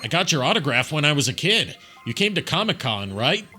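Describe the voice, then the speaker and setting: A man's voice: on the high side, big pitch swings, fairly quick, bright, forceful tone, soft background music, exaggerated voice. A man voicing a young male video game hero in a fan dub, asking casual, curious questions.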